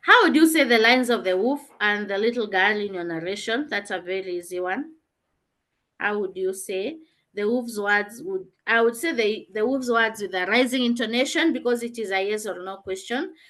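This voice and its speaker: A woman's voice: mid-range voice, moderate pace, fairly bright tone. A woman teacher explaining answers and calling on students in an online revision class over a video call.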